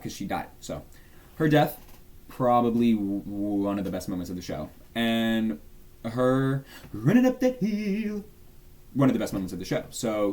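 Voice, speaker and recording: A man's voice: on the low side, darkish tone. A young man chatting casually as a YouTuber, gushing and rambling about his favourites. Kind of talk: casual fan tier-list chat.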